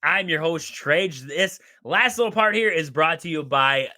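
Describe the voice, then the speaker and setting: A man hosting a casual sports radio show with a hoarse, worn voice, rambling energetically and repeating himself. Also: on the high side, animated, unhurried, sharp tone, no echo, clean studio sound. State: hoarse, voice going.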